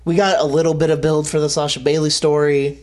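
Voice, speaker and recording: A man's voice: a little high, little pitch movement, quick pace, a little mellow. A man co-hosting a podcast in a laid-back, slangy casual chat. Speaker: podcast co-host.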